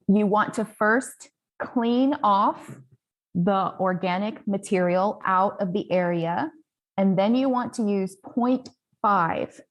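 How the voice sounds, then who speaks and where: Woman panelist, slow and deliberate, teaches and stresses key points, video-call mic. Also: mid-range voice, a little mellow. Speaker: infection control panelist. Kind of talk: explanatory webinar answer.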